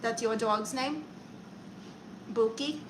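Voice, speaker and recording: A woman's voice: fairly high pitch, takes it slowly, background noise. A woman hosting a comedic live stream, chatting with viewers and reading their comments aloud in a playful, mock-serious way. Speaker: comedic livestream host.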